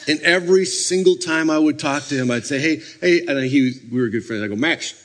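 A man preaching a sermon, telling stories with lively energy and acting out scenes. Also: a little high, fast talker, slight background noise. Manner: animated storytelling, acting out scenes.

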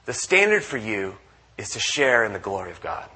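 A man's voice: on the low side, big pitch swings, normal speed, bright, forceful tone, breathy edge. A man preaching a conversational sermon, acting out quotes and restarting often. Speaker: pastor.

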